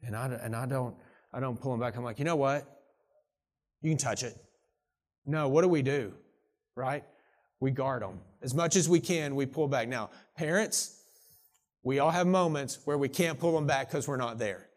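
A man who is a pastor preaching a sermon, earnest and swinging between hushed, intimate moments and emphatic declarations, a parent of young children. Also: mid-range voice, moderate pace, long pauses. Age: young adult or middle-aged, parent of young children.

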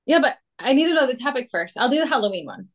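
A woman co-hosting a casual podcast, giggly and unsure as she stumbles through her opening lines. Her voice is high and very lively, leaping up and down in pitch. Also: fast. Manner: giggly, fumbling her intro takes. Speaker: podcast co-host. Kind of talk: casual chat.

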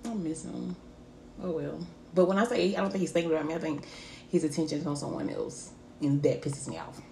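A woman's voice: sits low, fast, warm tone, echoey room, a little hiss or hum. A woman co-hosting a podcast, talking candidly and emotionally in casual slang. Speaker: podcast co-host. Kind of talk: casual chat.

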